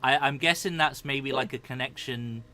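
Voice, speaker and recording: A man's voice: medium pitch, music in the background. Man running a tabletop game online. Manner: slow, deliberate reading of an NPC's demands. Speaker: dungeon master. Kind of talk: streamed tabletop game narration.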